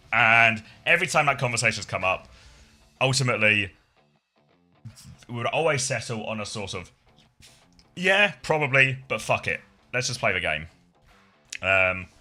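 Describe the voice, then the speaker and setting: A low-pitched man with a very bright, forceful edge to his voice, chatting loosely as an esports caster. He rambles, swears and laughs often, tired after a bad night's sleep. Music plays quietly behind him. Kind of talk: casual commentary chat.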